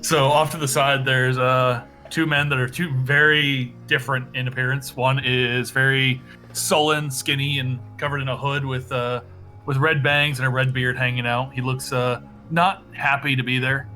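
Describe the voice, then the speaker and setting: A man in a tabletop game describing characters in a measured way. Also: mid-range voice, little pitch movement, bright, forceful tone, soft background music. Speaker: player.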